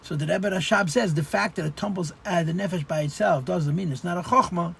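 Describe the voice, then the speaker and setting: Gravelly husky rabbi expounding Chassidus. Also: male voice, sits high, fairly quick, a bit bright. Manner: explanatory, repeats phrases, stammers restarts. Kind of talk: Torah class at a farbrengen.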